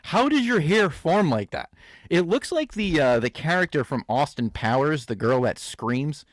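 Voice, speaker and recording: Brief: male reaction host, sarcastic riffing, slightly high voice, dry close mic. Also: lively intonation, normal speed, no echo. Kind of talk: comedic reaction commentary.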